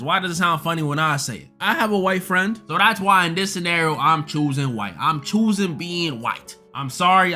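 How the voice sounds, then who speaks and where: A man delivering scripted comedic commentary in an animated way, full of rhetorical questions. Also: fairly high pitch.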